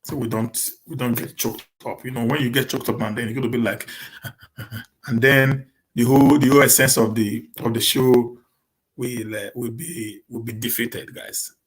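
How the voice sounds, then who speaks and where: A man's voice: medium pitch, steady tone. Stammering Nigerian man hosting a live Q&A. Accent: Nigerian, with Pidgin English. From Edo State, Nigeria. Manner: stammers, repeating words and restarting; talks fast on purpose to avoid getting stuck. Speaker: live-stream host answering viewers. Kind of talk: casual live-stream Q&A.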